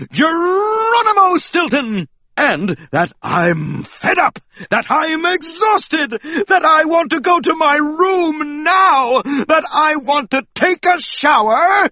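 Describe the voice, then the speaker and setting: A man voicing a fussy, frazzled male mouse traveler who squeaks and bursts into shouted complaints. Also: breathy edge, no echo, studio quality, full character voice. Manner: squeaky, exploding into shouted outbursts. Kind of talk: storybook reading.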